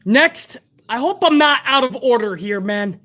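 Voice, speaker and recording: A woman's voice: fairly high pitch, lively intonation, a little slow, a bit bright. A woman hosting a live wrestling review stream, ranting bluntly and heatedly with plenty of profanity. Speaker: wrestling show host.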